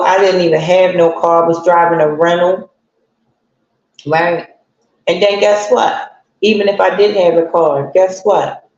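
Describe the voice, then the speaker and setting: A woman's voice: lowish voice, a little mellow. A woman hosting a live stream, telling a story in a chatty, colloquial way and greeting viewers as she goes. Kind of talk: casual storytelling to live chat. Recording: very echoey room, dull lo-fi sound.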